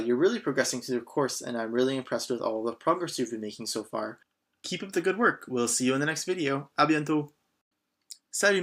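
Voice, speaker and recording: A man's voice: medium pitch, a bit bright. A man teaching a beginner language lesson, patient and encouraging, with lots of short prompts and repetition. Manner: patient, encouraging, switches between English and French phrases. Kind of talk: scripted lesson narration.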